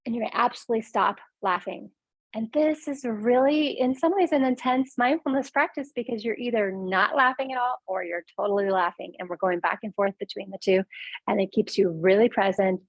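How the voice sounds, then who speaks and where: A woman's voice: mid-range voice, brisk, breathy edge, dry recording. A woman yoga and mindfulness instructor leading a guided laughter exercise, upbeat and encouraging.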